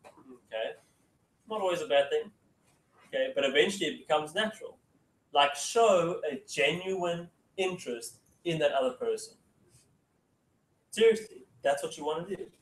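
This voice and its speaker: A man's voice: a little high, animated, moderate pace, pauses often. Chatty man coaching, echoey distant sound. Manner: chatty, says okay often, acts out phone calls. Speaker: sales trainer. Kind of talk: casual training talk. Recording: echoey room, mic from far off.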